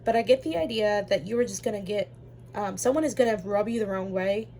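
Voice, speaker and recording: A woman's voice: medium pitch, brisk, warm tone, a little hiss or hum. A woman giving a casual pick-a-card tarot reading, chatty and rambling, with lots of ums and easy laughter. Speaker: tarot reader.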